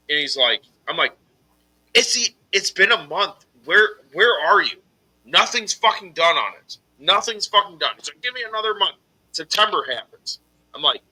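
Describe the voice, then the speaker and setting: A man on a collectors' live stream telling a heated story, swearing heavily and loudly acting out his own angry replies. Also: on the high side, sing-song, unhurried, slightly rough, poor audio. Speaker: podcast host telling a story. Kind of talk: casual live stream chat.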